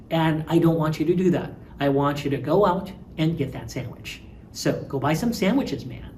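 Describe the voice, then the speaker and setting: A woman with a low voice delivers a recorded linguistics lecture. She explains patiently and acts out short example phrases as she goes. A faint hum of background noise sits under her voice. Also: a little mellow.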